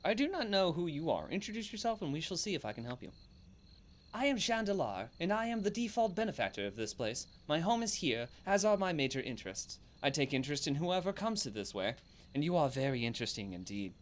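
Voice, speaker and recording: A man's voice: fairly high pitch, big pitch swings, fairly quick, a little hiss or hum. A man voicing a self-important male benefactor in formal, stately phrasing.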